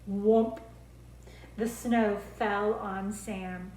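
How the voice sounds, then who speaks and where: A woman speech therapist reading picture books aloud to children, slow, clear and expressive. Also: fairly high pitch, a little hiss or hum. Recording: roomy echo.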